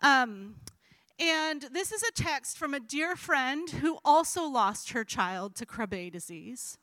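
A high, bright-toned woman leads a Bible study, talking earnestly and emotionally to the group. Her delivery is conversational, with fillers and restarts, and the close mic sounds dry. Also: lively intonation, takes it slowly, dry recording. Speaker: women's Bible study leader. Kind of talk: heartfelt teaching talk to a group.

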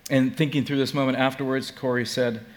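A male pastor giving a sermon, telling a story earnestly with halting restarts and leading a closing prayer. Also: mid-range voice, level tone.

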